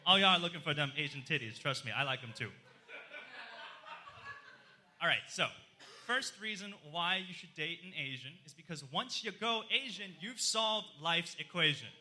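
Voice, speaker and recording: A male stand-up comic working a live club crowd, chatty and self-mocking as he talks with the room. His voice sits high and rings with a sharp, very bright edge. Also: animated, normal speed. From outside the US. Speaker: stand-up comedian. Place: live comedy night in a social club.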